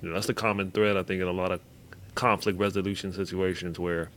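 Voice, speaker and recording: A man with a low voice reflects on a topic during a casual podcast chat. He talks quickly, but his points are measured and considered. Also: flat delivery, a bit bright.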